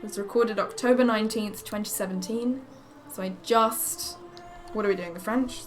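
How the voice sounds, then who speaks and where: A woman's voice: mid-range voice, moderate pace, soft background music. A woman in her twenties, a voice actress, chatting casually and sheepishly about her old work. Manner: self-deprecating, sheepish. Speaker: voice actress guest. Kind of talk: casual chat.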